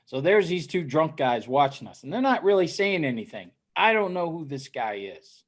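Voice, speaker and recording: A man co-hosting a casual chat, telling an animated story and often tagging his lines with "right?". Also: on the high side, normal speed. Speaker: co-host.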